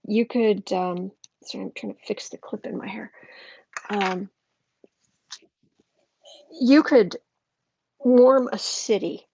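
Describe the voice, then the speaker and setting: A woman's voice: mid-range voice, vocal fry, warm tone, lo-fi sound. A woman doing a live tarot reading, chatty and thinking aloud, with many restarts. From United States. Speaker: tarot reader.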